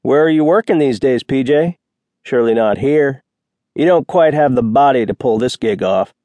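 A man's voice: mid-range voice, lively intonation, normal speed, warm tone, no echo, lightly acted. Man voicing drawling male bully, mocking, sneering, a bit raised, audiobook.

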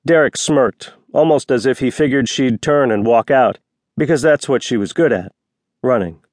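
A man narrating a romance novel as an audiobook reader, voicing each character with slight shifts of pitch. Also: moderate pace, darkish tone, dry recording, clean studio sound. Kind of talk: scripted narration.

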